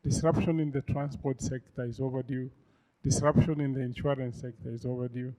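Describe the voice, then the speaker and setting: A man hosting a business forum, giving measured opening remarks full of ums and uhs before introducing the speaker. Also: medium pitch, steady tone, noisy background. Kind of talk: slow, deliberate opening remarks. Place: conference room with a live audience.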